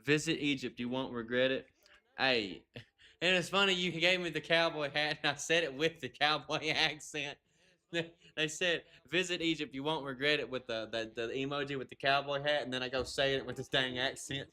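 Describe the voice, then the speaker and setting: A man's voice: medium pitch, moderate pace, pushed and bright. A man hosting a casual live stream, laughing a lot and swearing as he reads chat comments aloud into a laptop mic.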